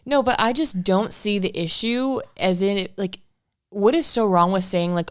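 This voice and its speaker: A woman's voice: mid-range voice, moderate pace, clear, resonant tone, no echo, studio quality. A young woman in her twenties co-hosting a casual couple podcast, talking frankly and laughing often. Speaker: podcast co-host.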